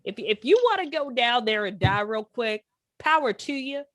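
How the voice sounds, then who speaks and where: A woman's voice: a little high, lively intonation, moderate pace, fairly bright tone, dry recording. Woman in a tabletop game, blunt slangy in-character talk, dry close sound. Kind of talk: in-character tabletop role-play.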